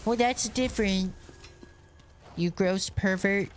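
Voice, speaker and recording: Brash indignant young woman, put on by a man in falsetto. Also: slow pace, soft background music. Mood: disgusted. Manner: defensive, drawling, repeats itself.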